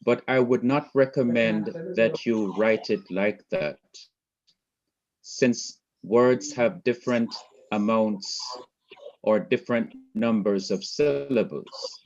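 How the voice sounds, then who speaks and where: A man's voice: fairly low pitch, slow pace, darkish tone, dull audio. A man from Jamaica teaching a Hebrew class online, explaining patiently and repeating his points.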